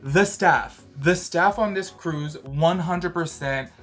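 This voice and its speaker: Sitting in a cruise ship cabin, a vlogger from Georgia, USA, talks loosely about his cruise, full of fillers and asides. His voice is fairly high and fairly bright, he takes it slowly, and faint music plays behind.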